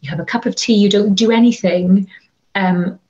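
A woman talks through practical burnout advice in an animated, chatty way, full of ums and little asides. She sits on her bed for an interview, and the audio comes through slightly dull and lo-fi. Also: mid-range voice, moderate pace. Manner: chatty, animated advice-giving with many fillers. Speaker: wellbeing and burnout coach. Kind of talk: interview conversation. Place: bedroom.

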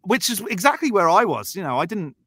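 A man's voice: high-pitched, very animated, fairly quick, sharp tone, breathy edge, no echo, studio quality. A man from the south of England with a Southern English accent, telling stories animatedly as a podcast guest and acting out quoted voices. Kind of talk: casual storytelling chat.

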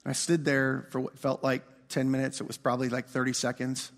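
A man in his forties preaching a storytelling sermon as pastor, acting out the dialogue in an animated way. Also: mid-range voice, brisk, big-room sound.

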